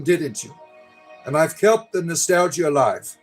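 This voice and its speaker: A middle-aged man hosts a casual livestream, joking and rambling through viewer comments and often tagging his lines with "right?". His voice sits a bit higher than most men's, and faint music plays in the background. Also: lively intonation, a little slow. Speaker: livestream host.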